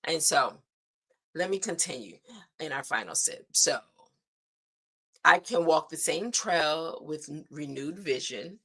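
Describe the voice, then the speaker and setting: A woman's voice: low-pitched, animated, sharp tone, husky. A woman hosting a devotional livestream, speaking earnestly with frequent "right?" asides. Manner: slow, earnest, with spoken declarations and frequent "right?". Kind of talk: inspirational devotional talk. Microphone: streaming setup.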